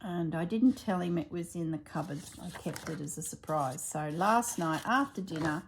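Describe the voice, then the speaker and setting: A woman's voice: lowish voice, moderate pace, a little hiss or hum. A woman, chatting and telling stories while she works on a craft project at home. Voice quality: chatty storyteller. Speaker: craft vlogger. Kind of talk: casual chat while crafting.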